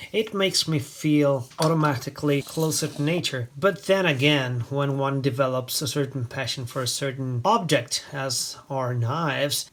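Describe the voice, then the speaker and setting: A man hosts a casual product review, wandering off on wry digressions. His voice is mid-pitched with a gravelly, fry-tinged texture. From Italy. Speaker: host.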